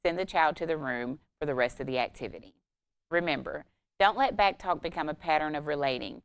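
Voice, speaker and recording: A woman presenting a scripted parenting tip in a calm, measured way. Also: sits low, clean tone, no echo. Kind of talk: scripted advice segment.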